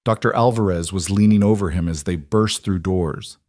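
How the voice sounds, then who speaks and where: A man narrating a dramatic story in a steady, scripted storytelling manner. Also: low-pitched, moderate pace, hardly any pauses, dry recording, studio quality.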